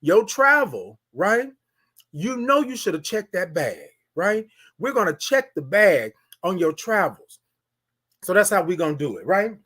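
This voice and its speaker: A man's voice: sits high, unhurried. A man from Houston with a Texan accent, hosting a live morning talk show, calling out to his viewers and greeting them by name. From Houston, Texas. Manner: animated, preachy call-and-response with the audience. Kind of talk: live-stream morning talk with chat shoutouts.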